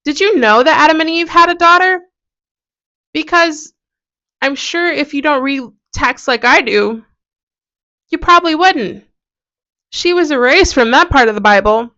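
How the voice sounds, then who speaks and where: A woman with a high-pitched voice talks slowly through ancient texts in a casual video, animated and sarcastic, breaking into laughs. The recording is a little dull and lo-fi. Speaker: video host.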